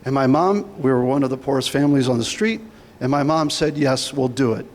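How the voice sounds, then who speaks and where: A man's voice: medium pitch, expressive, a little fast. A man giving a heartfelt campaign speech as a political candidate, telling a personal story. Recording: hall reverb.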